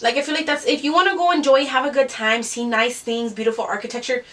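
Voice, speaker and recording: A young woman co-hosting a podcast, telling stories in an animated, casual way and slipping between English and Spanish. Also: high voice, quick pace, recorded from a distance. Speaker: podcast co-host. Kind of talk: casual storytelling chat.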